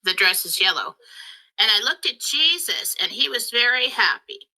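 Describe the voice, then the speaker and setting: A woman hosting her spiritual channel, telling a story in a casual monologue, excitable and emotional, rushing along. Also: fairly high pitch, low-quality recording.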